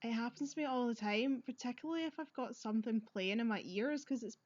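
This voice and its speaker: A woman's voice: on the high side, fast talker, darkish tone, highs cut off. A woman chatting casually while playing a game, laughing often and poking fun at herself. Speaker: let's-play streamer. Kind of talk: casual game commentary and reading dialogue aloud.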